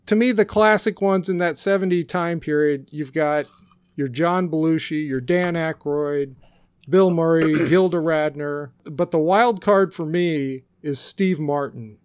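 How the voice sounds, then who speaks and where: High-voiced man cracking dry jokes. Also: unhurried, clear, resonant tone. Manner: deadpan joking, dry one-liners. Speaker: podcast co-host. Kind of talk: casual comedic podcast chat.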